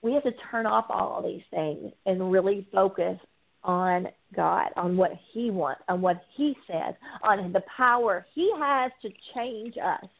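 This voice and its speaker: A woman's voice: medium pitch, unhurried, vocal fry. A woman speaking as a recovery coach in an earnest, preaching way, repeating phrases for emphasis. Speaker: guest, addiction recovery coach. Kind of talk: faith-based interview talk. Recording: tinny phone line.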